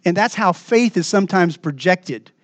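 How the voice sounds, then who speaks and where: A man's voice: high voice, animated, moderate pace, no echo. Earnest man preaching in a dry sound. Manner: earnest, emphatic, swings between raised and hushed delivery. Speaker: pastor. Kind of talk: sermon. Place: church.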